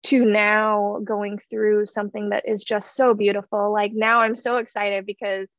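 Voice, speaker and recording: Woman, thirties, heartfelt personal storytelling, fry in the voice, dry close sound. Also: mid-range voice, flat delivery, unhurried, no room sound, highs cut off. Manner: heartfelt, earnest, many fillers and restarts. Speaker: guest sharing her story.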